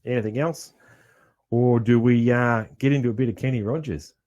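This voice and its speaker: A man's voice: mid-range voice, steady tone, normal speed, a little mellow, highs cut off. A man with an Australian accent, co-hosting a podcast in a rambling, laid-back casual chat and swearing now and then. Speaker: podcast co-host.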